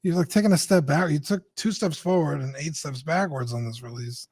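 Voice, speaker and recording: A man's voice: a little high, brisk, darkish tone, breathy edge, dry recording. A man talking as a podcast guest in casual chat, blunt, sighing and swearing casually.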